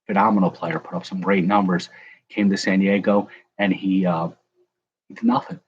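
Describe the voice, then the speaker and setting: A man's voice: low voice, level tone, normal speed, breathy edge, highs cut off. A young man casually chatting with viewers on a livestream while he opens card packs, joking and calling out people in the chat by name. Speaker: card breaker livestream host.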